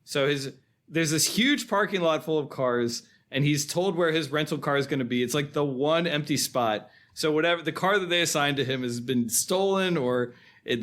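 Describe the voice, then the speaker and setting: A man's voice: a little high, a bit bright. A man co-hosting a film podcast, talking casually and chuckling as he recounts scenes. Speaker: podcast co-host.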